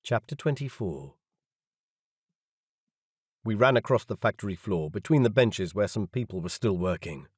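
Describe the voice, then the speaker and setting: A man narrating an audiobook in the first person with an expressive reading. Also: lowish voice, normal speed, long pauses, husky, no room sound, clean studio sound.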